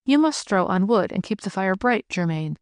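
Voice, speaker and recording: A woman reading the part of a kind, practical young peasant girl in an audiobook, speaking briskly and teasing gently. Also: medium pitch, lively intonation, no room sound, studio quality, close to an everyday voice.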